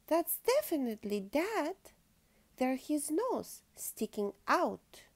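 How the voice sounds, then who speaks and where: A woman reading aloud and voicing a little polar bear girl who is searching for her dad, with a high, eager, pleading voice. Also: huge pitch swings, extremely slow, warm tone, exaggerated voice. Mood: excited.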